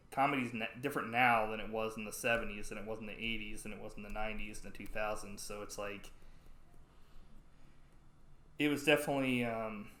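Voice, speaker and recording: Rambling podcast co-host in an echoey room. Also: male voice, lowish voice. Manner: rambling, animated retellings with acted-out quotes. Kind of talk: casual chat reviewing old sketches. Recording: roomy echo.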